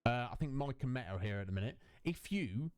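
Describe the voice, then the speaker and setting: A man in the middle of his vocal range, talking through a headset as he hosts a live stream from home. He chats loosely and rambles a little while answering his viewers' messages. Soft music plays faintly behind him. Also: mid-range voice, lively intonation, quick pace, clear, resonant tone. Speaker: Twitch streamer and host. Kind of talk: casual live-stream chat.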